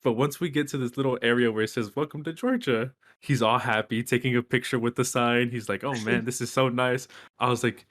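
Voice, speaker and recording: A young man from Texas, co-hosting a casual podcast chat and telling a story in an animated way, swearing freely. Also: medium pitch, a little fast, hardly any pauses. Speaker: podcast co-host.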